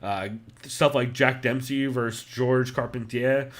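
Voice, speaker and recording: Brief: male podcast host, mid pitch, rambling casual delivery, swears freely. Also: fairly even intonation, unhurried. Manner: loose and profane, many fillers.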